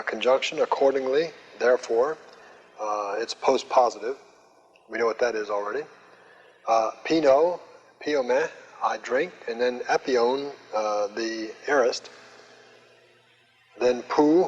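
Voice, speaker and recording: An older man teaching a Greek class, speaking slowly and methodically with frequent pauses and fillers. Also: mid-range voice, husky. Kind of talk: classroom lecture. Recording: muffled old lecture recording with long hall reverb.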